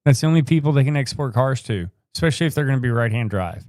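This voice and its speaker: A man's voice: medium pitch, animated, fast, darkish tone, no room sound, studio quality. An American man co-hosting a live podcast, rambling through opinions with casual swearing. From United States. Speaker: podcast co-host.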